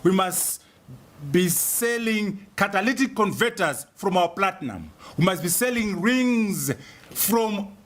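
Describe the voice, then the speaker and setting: A man's voice: high-pitched, lively intonation, slow, a bit bright. A man from Zimbabwe giving an emphatic, rhetorical public speech, repeating key phrases for effect. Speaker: speaker.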